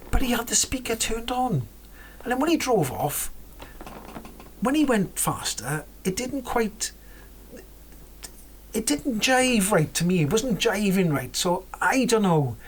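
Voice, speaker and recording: A woman's voice: medium pitch, slight background noise. A woman vlogging about cars in a rambling, chatty way, often correcting herself and dropping into whispered asides. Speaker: car vlogger. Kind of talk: casual chat about cars.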